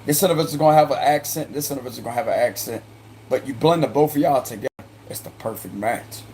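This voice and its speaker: A man's voice: mid-range voice, fast talker, a little mellow, slight background noise. A man with a Cajun accent giving a casual, rambling tarot reading to viewers, repeating himself and chuckling in asides. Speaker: tarot reader.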